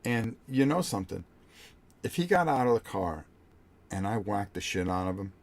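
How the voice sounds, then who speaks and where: An older man hosting a vlog, telling a blunt, profane story in a casual, animated way with many restarts. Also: fairly low pitch, normal speed. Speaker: vlog host.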